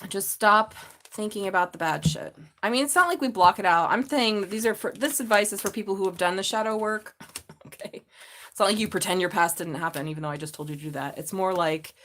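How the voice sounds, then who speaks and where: A woman's voice: mid-range voice, brisk, fairly bright tone. Woman, middle-aged, tarot reader, live stream, chatty, swears freely, laughs a lot. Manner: chatty and profane, laughs often, gushes at viewers.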